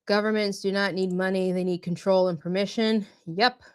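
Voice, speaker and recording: A woman's voice: mid-range voice, steady tone, moderate pace, clean tone. A woman hosting a live stream, out of breath and laughing as she reads viewer comments aloud and answers them by name. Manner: chatty, laughs often, warmly addresses chatters by name. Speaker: livestream host.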